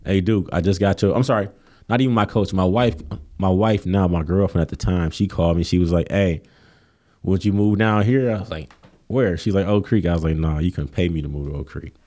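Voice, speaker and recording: Speaking a little fast in a low-pitched voice, a man from Kenosha, Wisconsin who coaches college sports tells stories in a casual interview. He animates them by acting out others' quotes in a raised voice.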